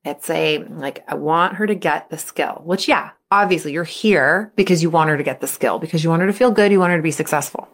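Lowish-voiced woman coach rambling on a podcast, lots of "like", jumps way up when she acts stuff out. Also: brisk, few pauses. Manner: chatty, lots of "like" fillers; acts out quotes with sudden high bursts. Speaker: mental skills coach for young athletes. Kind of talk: casual advice podcast.

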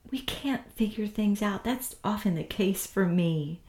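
Slow, gentle woman Bible teacher. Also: mid-range voice, animated, roomy sound. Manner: gentle, earnest, often soft and hushed. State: tearful.

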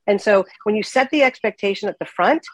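A woman co-hosting a podcast, chatting in a folksy way and telling quick stories. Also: mid-range voice, dry recording, rough recording. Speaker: podcast co-host. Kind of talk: casual chat.

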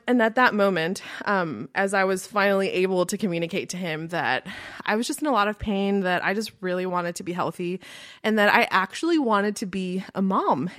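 A woman's voice: fairly low pitch, a bit bright, dry recording. Podcast host, woman, casual storyteller, filler-heavy chatter, dry close-mic sound. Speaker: entrepreneur.

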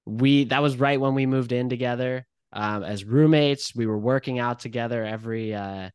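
A young adult man co-hosts a podcast, casually reminiscing about his college years in a relaxed, reflective way, packing his speech with "like" and "um." His voice is mid-range and moderately paced, with a clean tone and no room sound.

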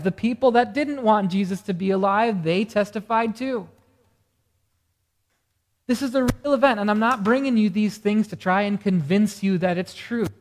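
A pastor delivering a morning sermon earnestly, asking the congregation rhetorical questions. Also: mid-range voice. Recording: reverberant hall sound.

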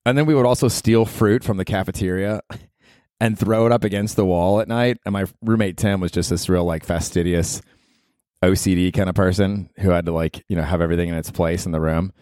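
A man's voice: low voice, steady tone, brisk, darkish tone, dry recording, clean studio sound. A man in his thirties hosting a solo podcast, telling rambling, profane stories and chuckling. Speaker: podcast host. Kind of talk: casual solo podcast monologue.

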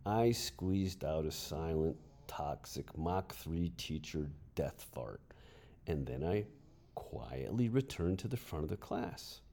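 A man telling a funny story from his teaching days as a podcast host, in a lively and amused way. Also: extremely low pitch, slow pace. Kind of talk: storytelling narration.

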